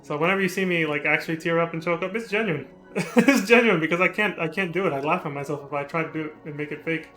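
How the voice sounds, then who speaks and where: A young man chatting casually on a live stream, self-mocking and quick to laugh at himself. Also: a little high, a bit bright, soft background music.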